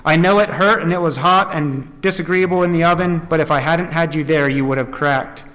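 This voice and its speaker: A man playing a patient master potter who explains things quietly and gently. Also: a little high, a little fast, lightly acted. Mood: gentle. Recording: echoey hall.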